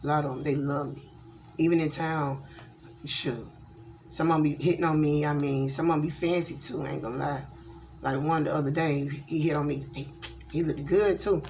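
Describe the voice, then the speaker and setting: A middle-aged woman with a voice set a little low. She talks bluntly and candidly, rambling along with plenty of fillers in a casual vlog, the way a tarot reader chats to her viewers. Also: steady tone, normal speed, a little mellow, slight background noise. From Georgia, USA.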